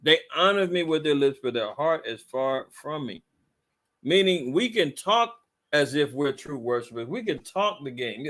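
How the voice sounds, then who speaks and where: A man's voice: fairly high pitch, animated, moderate pace, fairly bright tone. A man leading a conversational Bible teaching, fiery and mocking in a preachy way.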